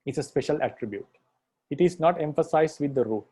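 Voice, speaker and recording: Mellow-voiced monk patiently teaching grammar. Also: male voice, a little high, fairly quick, slightly rough. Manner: patient, repetitive, restates points with "right?". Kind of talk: explanatory lecture.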